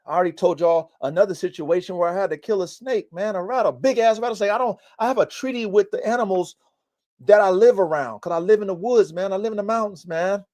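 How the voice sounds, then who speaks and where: High-voiced dude ranting on his dog podcast, swears a lot, says stuff twice. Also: a little mellow. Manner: blunt, profane, preachy, repeats himself. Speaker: podcast host and dog breeder. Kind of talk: casual live-stream talk. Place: home in the mountains.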